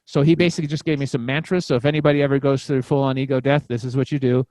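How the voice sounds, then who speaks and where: A man's voice: mid-range voice, fairly even intonation, very fast, a little mellow, no echo. A man guesting on a podcast, telling a personal story in a casual, rambling way, swearing freely and restarting his sentences often. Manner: rambling, profane, frequent restarts.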